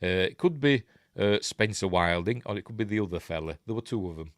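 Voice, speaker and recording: A man's voice: deep voice, animated, fairly quick, no room sound, clean studio sound. An older man from Yorkshire with a Yorkshire accent, hosting a casual news livestream and reading notes, rambling into side remarks and correcting himself. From Yorkshire, England. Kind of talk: casual live-stream commentary.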